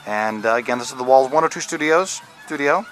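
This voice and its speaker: A radio DJ gives a casual, jokey walking tour of his station's offices and studios, filmed indoors on a handheld camera with soft music in the background. His mid-range voice is fairly bright and fairly quick, full of fillers and restarts.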